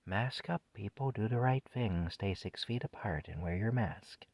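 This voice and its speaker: A man in his fifties imitating a soothing female PA announcer in a store, speaking softly and slowly, partly in a whisper. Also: lowish voice, no room sound. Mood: hushed soothing. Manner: hushed, soft and slow, partly whispered.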